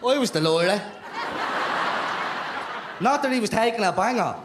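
A man's voice: sits high, expressive, unhurried. A man with a Dublin Irish accent co-hosting a live comedy podcast, teasing the audience with cheeky, swearing banter. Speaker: podcast co-host. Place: stage of a live show in a theater. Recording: echoey live venue with a noisy crowd.

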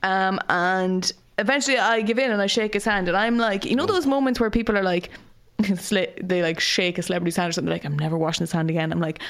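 A woman's voice: mid-range voice, a little fast, clear, resonant tone. An Irish woman co-hosting a podcast, telling a story in casual chat with plenty of swearing and acted-out quotes. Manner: animated storytelling, heavy swearing, acts out quoted voices. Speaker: podcast co-host.

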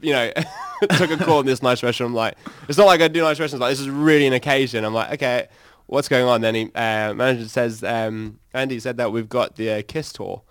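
A man, a band's singer, telling animated stories in an interview, laughing and acting out his own reactions. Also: mid-range voice, quick pace, hardly any pauses, clear, resonant tone, no room sound. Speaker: band singer. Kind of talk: casual interview storytelling.

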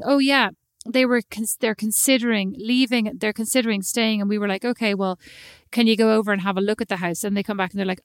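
A woman's voice: mid-range voice, steady tone, quick pace, hardly any pauses, no echo, studio quality. A woman co-hosting a podcast, chatting and telling a story, acting out the people she quotes. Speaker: podcast co-host. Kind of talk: casual chat.

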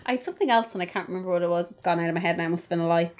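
A woman's voice: fairly low pitch, very fast, a little mellow. A young woman co-hosting a podcast in casual chat, blunt and sweary, laughing easily. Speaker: podcast co-host.

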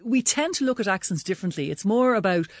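A woman's voice: medium pitch, animated, fast talker. A woman with a Dublin accent, a guest on a radio panel, talking in a chatty way with lots of fillers. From Dublin, Ireland. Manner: chatty, many "you know" fillers.

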